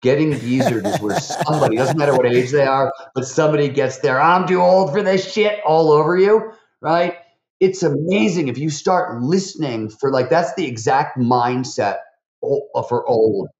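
A man, a podcast guest and author, talking in a lively way, telling stories full of fillers and quoted voices. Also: medium pitch, reverberant, rough recording. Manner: animated, fast-talking, with many fillers and acted quotes. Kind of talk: conversational interview storytelling.

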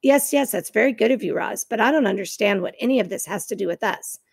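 A woman voicing a gruff, stubborn male beaver who grumbles and answers curtly in a storybook. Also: medium pitch, lively intonation, quick pace, no room sound, clean studio sound. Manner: grumbling and curt.

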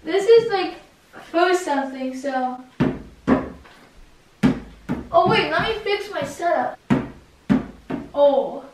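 Woman, casual vlog chat, high voice, distant camera, roomy echo, loud background noise. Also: lively intonation. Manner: chatty, quick exclamations. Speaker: vlog co-player. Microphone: own camera at a distance. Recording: echoey room, far from the mic, loud background noise.

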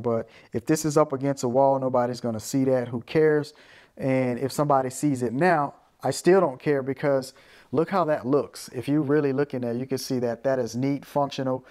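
A man's voice: mid-range voice, warm tone. A man giving a casual, conversational walkthrough of his equipment for his channel, often checking in with "right?" and "you know". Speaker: video creator showing his gear. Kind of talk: casual show-and-tell walkthrough.

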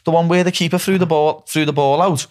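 A man's voice: fairly high pitch, steady tone, fast, darkish tone. A man with a Liverpool Scouse accent hosting a casual podcast chat, talking bluntly and swearing, tagging "lad" onto his phrases. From Liverpool, England. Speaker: podcast host.

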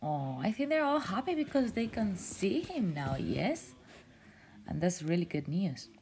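A woman reading a children's story aloud, often in a soft whisper, stopping to ask the child questions. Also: medium pitch, very animated. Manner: slow, often whispered narration with asides to a child.

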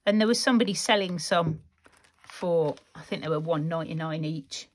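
A woman's voice: low-pitched, moderate pace. A woman chatting casually through a craft tutorial, rambling and laughing often as she works. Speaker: craft vlogger.

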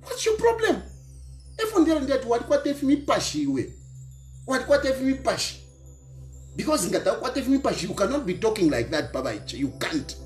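The pitch is extremely high, with big swings, and he talks fast. He's a middle-aged Zambian opposition politician with a Zambian accent, scolding an opponent in a lecturing monologue where he repeats his points and mixes local words into English, heard with roomy echo and faint music behind.

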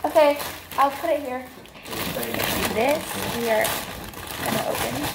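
Brief: teen girl vlogger, bubbly and giggly, higher voice, noisy handheld phone audio. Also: measured pace. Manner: chatty, upbeat, giggly. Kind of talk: casual vlog chat.

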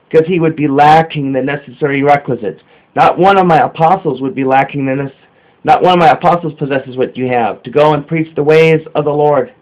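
A man reading the part of a sorrowful male spiritual master who speaks slowly and consolingly. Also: fairly high pitch, a little mellow, close to an everyday voice. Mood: solemn. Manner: slow, solemn, consoling. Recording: dull lo-fi home recording.

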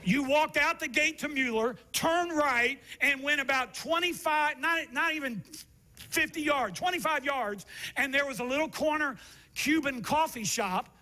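A man preaching a sermon with a strikingly high, bright voice. He moves from relaxed storytelling to emphatic, forceful preaching. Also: measured pace. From Miami area, United States. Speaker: pastor.

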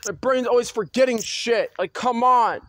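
A man ranting on his own in an agitated, repetitive way, swearing and breaking into loud outbursts. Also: extremely high pitch, normal speed, a little hiss or hum. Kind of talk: solo rant to camera.

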